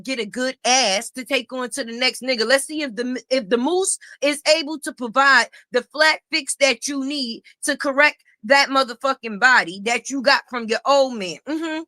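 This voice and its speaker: A woman's voice: high voice, sharp tone, dry recording, studio quality. A middle-aged woman, delivering a profane, confrontational livestream rant with repeated taunts. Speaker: livestream commentator.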